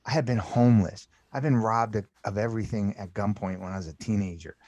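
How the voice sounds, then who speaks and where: A middle-aged man, a podcast guest, candidly recounting his life with many halting restarts and repeated words. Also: lowish voice, darkish tone, no room sound. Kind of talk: candid personal storytelling.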